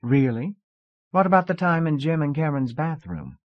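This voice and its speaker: A man's voice: on the high side, very animated, normal speed, no echo, voice pushed up. A man reading an audiobook voices a frank, teasing young woman in a lightly raised voice, on a dull lo-fi cassette recording.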